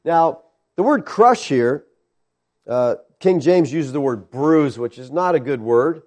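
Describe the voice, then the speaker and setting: A man delivers a sermon in a warm, mellow voice that sits a little high. He preaches emphatically and keeps turning to his listeners with pointed questions. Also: animated, slow pace.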